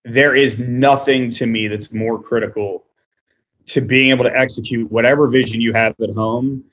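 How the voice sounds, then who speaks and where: A man in his thirties chatting casually as a podcast guest, telling animated stories and quoting people in voices. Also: medium pitch, normal speed, muffled recording, slight background noise. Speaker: podcast guest, restaurant owner.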